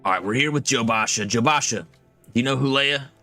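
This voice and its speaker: A man's voice: mid-range voice, fairly quick, sharp tone. A man giving casual, joking gameplay commentary with lots of filler words. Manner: casual, joking, says "dude" and "like". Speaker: gaming video creator. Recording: game music behind.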